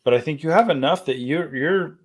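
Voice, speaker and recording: A man's voice: a little high, brisk, husky. A man as a guest on a casual livestream, talking thoughtfully and hedging with "I think" and "like".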